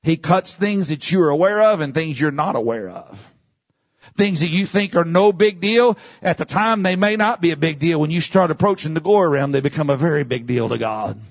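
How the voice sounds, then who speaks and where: A man preaching a sermon with a gravelly, husky voice pitched a little high. He repeats phrases for emphasis and swings from shouted peaks down to low, quiet passages. The sound is dry and close. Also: animated, normal speed, no room sound.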